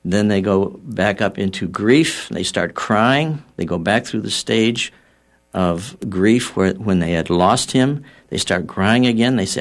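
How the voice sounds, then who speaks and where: Deep-voiced man telling a story. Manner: storytelling with acted-out quotes and frequent fillers; measured and explanatory. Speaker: guest healer. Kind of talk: explaining a healing theory on a talk show.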